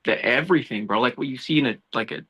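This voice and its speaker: Guest on a casual podcast: a man with a gravelly, bright voice telling animated, slangy stories. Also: medium pitch, fast, dull audio. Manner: animated storytelling, says dude and bro a lot. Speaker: guest, law enforcement officer.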